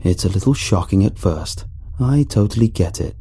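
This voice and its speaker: Male narrator as a calm crew boss, low, husky, blunt. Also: normal speed.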